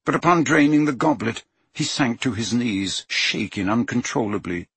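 A man narrating an audiobook in an expressive, unhurried way, acting out the characters' voices. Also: medium pitch, slightly rough, no room sound. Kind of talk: dramatic audiobook reading.

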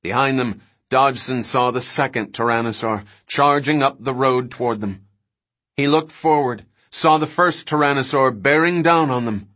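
A man narrating an audiobook in a steady, dramatic reading. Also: mid-range voice, moderate pace. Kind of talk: scripted narration.

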